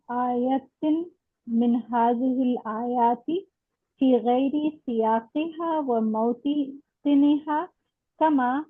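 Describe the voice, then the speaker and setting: A woman student reads a text aloud haltingly, restarting words as she goes. Her voice is husky and a little high, and it comes over a dry, thin, phone-like call line. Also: no echo. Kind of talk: reading a text aloud in class. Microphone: video call.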